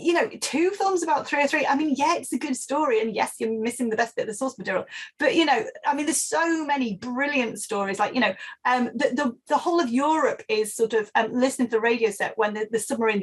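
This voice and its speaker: A woman's voice: sits high, husky. A woman researcher speaking as a podcast guest, casual and emphatic.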